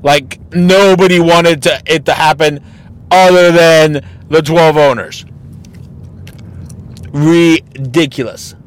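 Speaking slowly with long pauses in a slightly high voice, this man hosts a casual solo podcast. He rants in a blunt, mocking, exasperated way and swears plenty.

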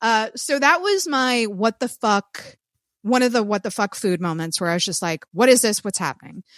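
Woman podcast host ranting a funny story, swears a lot, bit high voice, dry close mic. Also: normal speed, no echo. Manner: animated storyteller who swears and acts out quotes. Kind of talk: casual chat.

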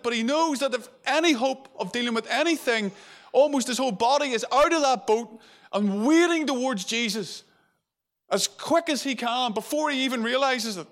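A man's voice: very high voice, fairly bright tone. A male preacher giving an earnest, conversational sermon, retelling scripture vividly.

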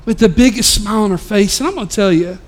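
A man preaching a sermon in a church, shifting from hushed prayer to loud proclamation and folksy stories with many restarts. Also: sits high, quick pace, rough recording. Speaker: pastor. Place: church sanctuary.

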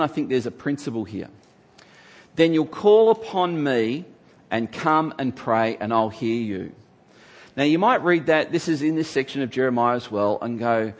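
A man teaching from the Bible in a conversational sermon, emphatic and acting out the people he quotes. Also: mid-range voice.

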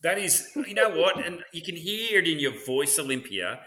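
A man's voice: a little high, expressive, normal speed, bright, forceful tone. A man hosting an interview, asking questions and praising his guest. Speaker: host. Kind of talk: conversational interview.

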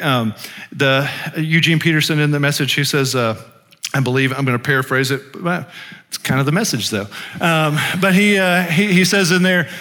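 A man's voice: on the high side, bright, forceful tone. A man preaching a sermon as pastor, talking casually with plenty of fillers and restarts. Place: church sanctuary. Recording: long hall reverb.

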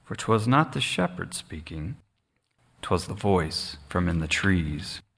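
Deep-voiced man narrating a rhyming story. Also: lively intonation, takes it slowly, vocal fry, a bit bright, slightly rough.

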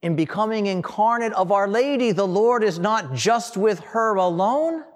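A man preaching a sermon in a slow, dramatic way, with long pauses and phrases that fall away at the end. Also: high voice, animated. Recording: long hall reverb.

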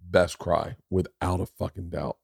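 A man's voice: low-pitched, little pitch movement, unhurried, gravelly, darkish tone, slightly rough, no echo, studio quality. A man in his forties hosting a podcast, telling a personal story in a blunt, profane, emotional way. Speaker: podcast host. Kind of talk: casual storytelling conversation.

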